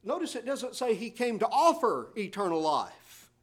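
A middle-aged male pastor preaches a sermon in a slightly higher-than-usual, husky voice with a sing-song lilt. He speaks at a moderate pace and with strong emphasis, reading scripture aloud in old-fashioned wording between his own explanations.

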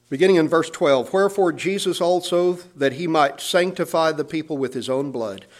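High-voiced man preaching an impassioned sermon. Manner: impassioned, rising to high emphatic pitch on quotes.

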